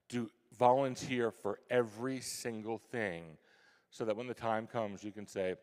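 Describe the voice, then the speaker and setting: Brief: lower-voiced man, lively storyteller at a school event, long hall reverb. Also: moderate pace. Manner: animated storyteller, acting out his younger self with gasps and whispers. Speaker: guest author speaking to a school. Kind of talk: storytelling talk to students.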